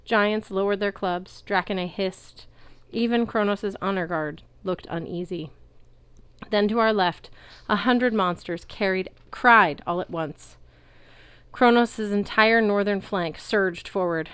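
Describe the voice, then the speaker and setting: A woman reading a novel aloud in a lively way, belting out the characters' shouts. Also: mid-range voice, unhurried, clear, resonant tone, no echo. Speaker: audiobook reader.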